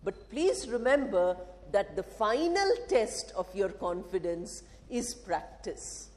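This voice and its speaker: A woman's voice: medium pitch, big pitch swings, slow pace, a little mellow. A woman with an Indian English accent, giving an emphatic English lesson to a class and asking rhetorical questions. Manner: emphatic, repeats and drills phrases, asks rhetorical questions. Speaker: English teacher. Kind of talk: classroom lecture. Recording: echoey hall with long reverb.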